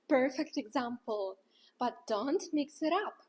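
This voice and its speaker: A language teacher delivers a scripted lesson, acting out each sound with exaggerated pitch. She speaks slowly in a breathy, higher-side voice whose intonation swings widely, expressive and a little mellow.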